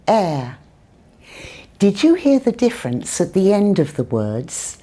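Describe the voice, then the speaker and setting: A British woman with a non-rhotic accent teaching pronunciation, modelling words clearly and carefully. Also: mid-range voice, huge pitch swings, normal speed, warm tone. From Britain. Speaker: English teacher, co-host. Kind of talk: scripted pronunciation lesson.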